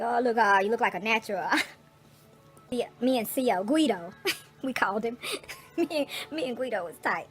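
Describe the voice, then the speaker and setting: A middle-aged woman vlogging in a casual storytelling way, frank and profane, animated, with asides and laughter. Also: on the high side.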